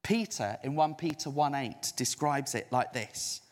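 A man preaching a sermon, expressive, drawing out key words for emphasis and getting his listeners to repeat phrases back. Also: mid-range voice, long reverb tail. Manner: expressive, drawn-out emphasis, audience call-and-response.

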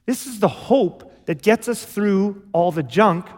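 A man preaching a sermon as pastor, in an animated, conversational way with acted asides. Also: sits high, slow, long reverb tail. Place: church sanctuary.

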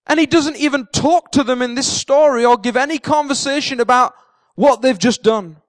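High-voiced man preaching an animated sermon. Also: normal speed, no echo. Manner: animated storytelling, acting out the characters' words; repeats key phrases for emphasis. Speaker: pastor.

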